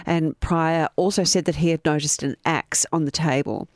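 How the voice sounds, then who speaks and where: Low-voiced woman telling a crime story. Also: normal speed, no echo, clean studio sound. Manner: steady, matter-of-fact narration with asides. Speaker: podcast host.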